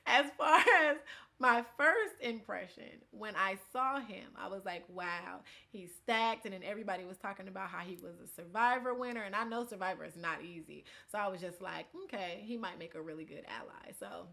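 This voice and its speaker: A woman in her thirties telling an animated story, laughing often and swinging from quiet asides to loud outbursts. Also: medium pitch, moderate pace, vocal fry. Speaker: interviewee.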